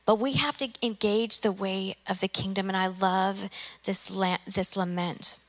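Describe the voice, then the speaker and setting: A woman's voice: mid-range voice, fairly even intonation, measured pace. A middle-aged woman pastor preaching a sermon, emphatic and exhorting, often repeating phrases for effect.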